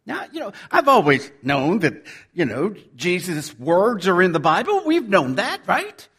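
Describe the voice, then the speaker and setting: Pastor guy preaching, high voice that jumps all over the place, goes loud then almost whispers. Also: measured pace, husky. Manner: animated preaching, swinging from loud to near-whisper. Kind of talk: sermon.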